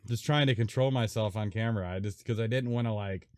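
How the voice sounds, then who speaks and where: A man hosting a casual gaming podcast, talking in a loose, relaxed way full of fillers. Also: fairly low pitch, fast talker, no echo. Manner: relaxed, filler-heavy, laughs along. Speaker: podcast host.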